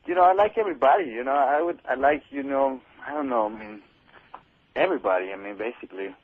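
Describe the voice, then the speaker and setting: A man guesting on a radio show by phone, answering in halting bursts with many fillers and restarts. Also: mid-range voice, animated, breathy edge, dry recording. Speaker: wrestler guest. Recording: tinny phone line.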